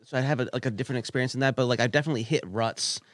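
A man's voice: mid-range voice, a bit bright, no room sound, studio quality. A man who does stand-up, chatting casually and filling his talk with "like". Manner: quick, filler-heavy talk full of "like". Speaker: podcast co-host and comic. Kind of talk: casual chat.

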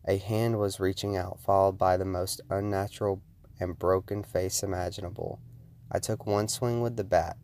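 A man narrating a scripted horror story in the first person with a steady storytelling delivery. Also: sits low. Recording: music playing behind the voice.

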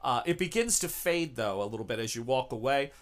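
Man, game master, casual narration, frequent fillers, mid pitch. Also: lively intonation, fairly quick. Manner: loose, conversational narration with fillers.

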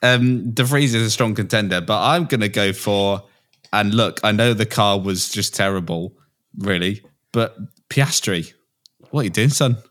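A man's voice: fairly low pitch, moderate pace, a bit bright. A man co-hosting a casual sports podcast, talking in a jokey, chatty way. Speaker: podcast co-host. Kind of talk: casual chat.

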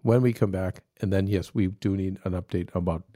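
A man's voice: low-pitched, fairly even intonation, fairly quick, mellow, dry recording, studio quality. A man co-hosting a podcast in casual chat, rambling with many restarts and fillers. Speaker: podcast co-host.

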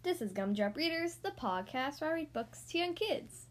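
A woman hosting a podcast, reading a picture book aloud to young kids in a gentle, friendly way. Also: high-pitched, animated, normal speed. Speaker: children's book reader, podcast host.

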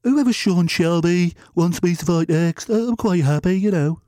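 A man's voice: high-pitched, normal speed, dark tone, no room sound, studio quality, close to an everyday voice. A man putting on a modest young fighter's voice, mild and mumbled. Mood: bland modesty. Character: easygoing young male fighter, modest and unambitious.

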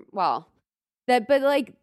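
Gossipy, laughing woman with a smooth voice. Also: fairly high pitch, sing-song, takes it slowly. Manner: gossipy storyteller, laughs often, swears. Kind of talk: casual chat.

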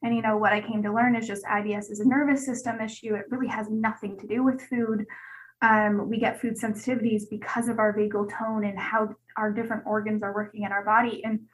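A woman's voice: medium pitch, level tone, a little fast, poor audio. A woman guest telling her own story in a candid, conversational way, with many "like"s. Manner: chatty, peppered with "like". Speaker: guest, gut health specialist.

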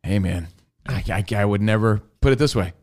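A man on a podcast telling a funny story in casual chat, swearing and laughing as he acts out scenes. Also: a little fast. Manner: animated, jumps high when acting out scenes; profane, laughing. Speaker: podcast co-host.

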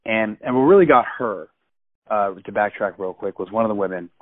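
A man's voice: lowish voice, a little fast, no room sound. Emphatic man telling a story on a tinny line. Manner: animated, emphatic retelling. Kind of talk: personal storytelling. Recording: dry tinny phone-like sound.

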